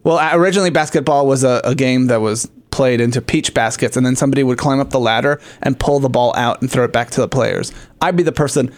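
A man's voice: medium pitch, quick pace, few pauses. A man cohosting a podcast in casual chat, campy and playful, joking with his cohost. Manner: campy and playful, slips into put-on voices. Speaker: podcast co-host.

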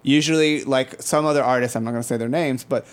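A man's voice: medium pitch, steady tone, fast talker, clear, resonant tone. A man co-hosting a casual talk show, teasing guests and chuckling often as he introduces clips. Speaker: co-host. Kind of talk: casual chat.

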